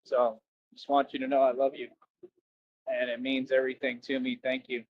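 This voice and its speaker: Livestreaming outdoors near a road, a man asks viewers for donations in a medium-pitched, completely flat voice at normal speed. He rambles and repeats himself, saying "that's right" again and again; the audio has no room sound and its highs are cut off.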